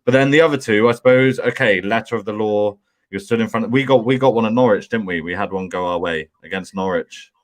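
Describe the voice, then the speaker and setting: A man co-hosts a fan chat in a fairly low voice. He talks in a measured way, thinking aloud with frequent ums and restarts. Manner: measured, hesitant, lots of ums. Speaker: fan channel co-host. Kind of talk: post-match fan reaction chat.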